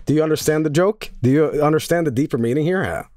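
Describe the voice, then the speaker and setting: A man's voice: a little high, fast talker, darkish tone, no echo, studio quality. A man hosting a stream, teasing his guest with insistent, playful banter. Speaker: stream host. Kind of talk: casual stream chat.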